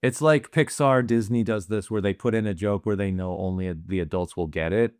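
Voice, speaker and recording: Laid-back low-voiced male podcast co-host. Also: normal speed, darkish tone, smooth, no room sound, studio quality. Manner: laid-back, chimes in with short agreements. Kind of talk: casual movie podcast chat.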